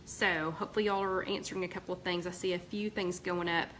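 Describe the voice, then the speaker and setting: A woman's voice: lowish voice, fairly even intonation, quick pace, slight background noise, rough recording. Chatty Southern American woman host. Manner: chatty, warm asides, frequent ums and restarts. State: voice tired. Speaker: host of a weight-loss group live chat. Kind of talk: casual live-stream chat reading viewer comments.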